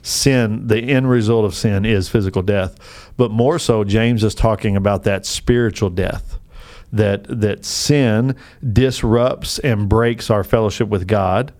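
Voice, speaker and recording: A man's voice: lowish voice, measured pace, a little mellow. A man co-hosting a casual faith podcast in a studio, earnestly explaining scripture in an informal way. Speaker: podcast co-host.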